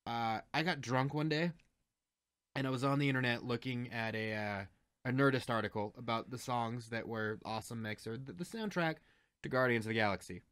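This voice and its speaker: A young man co-hosting a casual chat show over drinks, talking in an animated way and swearing often. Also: mid-range voice, brisk, clean tone, no room sound. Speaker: co-host.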